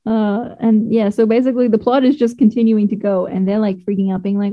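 Casual woman podcaster, animated and swearing, slightly dull sound. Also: mid-range voice, a little fast, few pauses. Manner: animated, swears and laughs often. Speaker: podcast co-host. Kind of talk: casual chat.

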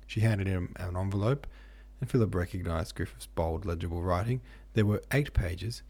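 A man reads a classic novel aloud in a low, husky voice. His tone is dark and mellow, and his reading stays steady and unhurried. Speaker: audiobook narrator.

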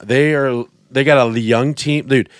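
A man's voice: mid-range voice, steady tone, measured pace, no room sound. A man hosting a casual sports podcast, rambling and joking, often trailing off and restarting. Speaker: podcast host. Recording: dry podcast mic.

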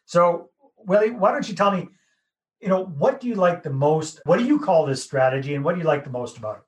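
A man's voice: fairly high pitch, lively intonation, a little fast. A man from Canada hosting a podcast interview, chatting in a friendly, joking way. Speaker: podcast host. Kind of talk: casual interview chat.

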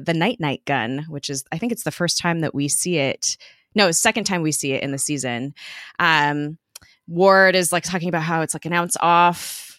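A woman's voice: low-pitched, fairly bright tone, no echo, clean studio sound. A woman co-hosting a podcast, casually recapping a TV episode, chatty with lots of fillers and laughs. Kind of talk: casual chat.

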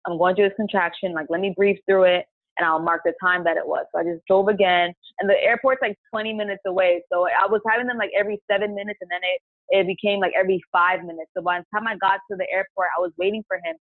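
A woman's voice: lowish voice, fairly even intonation, fast talker, dry recording. A woman guest on a podcast telling her own story in a chatty way, filling her talk with "like" and acting out what she said at the time. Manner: chatty, heavy use of "like", retells her own past words aloud. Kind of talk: casual personal storytelling. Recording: tinny phone-line sound, dry.

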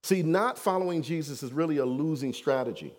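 Male pastor, storytelling sermon, chatty check-ins, somewhat high voice. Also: a little fast. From Detroit, USA. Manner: conversational, keeps checking in with "right?".

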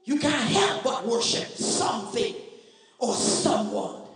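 A man's voice: extremely high pitch, slow pace. A man from Trinidad and Tobago with a Trinidadian accent, preaching a sermon as a guest preacher and calling on the congregation to answer back. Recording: echoey hall, voice from far off.

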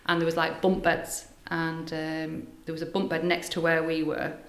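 Older woman healer, animated storyteller with a bright voice, recorded in a roomy space. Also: deep voice, normal speed. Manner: animated, breathy storyteller, drops to hushed asides. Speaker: spiritual healer, guest. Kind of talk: casual storytelling interview. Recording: echoey room.

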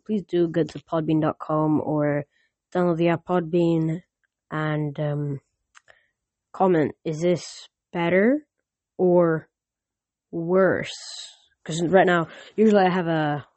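A man casually reading a novel aloud, halting with restarts, recorded on a phone lying nearby. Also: fairly high pitch, fairly even intonation, darkish tone, no echo, lo-fi sound. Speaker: audiobook reader.

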